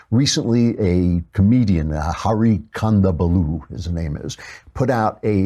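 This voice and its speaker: A man's voice: on the low side, warm tone, husky. A man hosting a talk show, delivering an emphatic, sarcastic opinion monologue.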